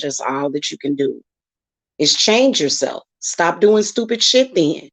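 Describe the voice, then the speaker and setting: A woman's voice: low voice, expressive, unhurried, dry recording. A woman hosting her own channel, delivering a heated, profane, confrontational rant at her critics. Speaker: spiritual reader and channel host. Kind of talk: angry vlog rant.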